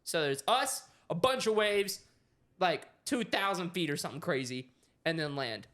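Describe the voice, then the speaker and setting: Young guy with a high voice telling a story on a podcast, animated, laughs a lot. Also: normal speed. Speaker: podcast co-host. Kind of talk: casual storytelling.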